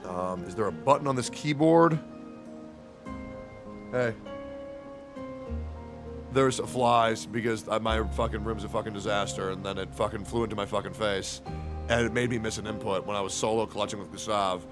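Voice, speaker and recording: A man's voice: fairly low pitch, moderate pace, long pauses, over music. Young man ranting angrily on stream. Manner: angry, heavily profane venting. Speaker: game streamer. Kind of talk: casual livestream rant. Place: his own messy room. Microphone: headset.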